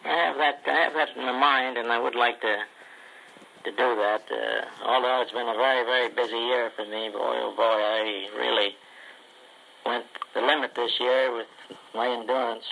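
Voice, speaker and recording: A man's voice: mid-range voice, steady tone, normal speed, vocal fry, sharp tone, slight background noise, poor audio. An older man rambling in a folksy recorded letter. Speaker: ventriloquist.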